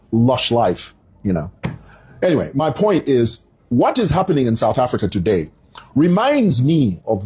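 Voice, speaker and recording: A Zambian man in his fifties with a Zambian accent, giving casual commentary in an animated, digressive storytelling manner. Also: mid-range voice, husky.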